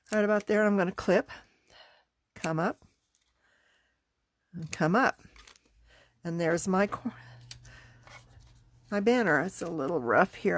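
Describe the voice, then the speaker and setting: Slow-talking congested woman teaching crafts. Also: medium pitch, vocal fry. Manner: chatty, unhurried, talks while working. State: congested, sniffling. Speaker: card-making class teacher. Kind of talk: casual craft tutorial.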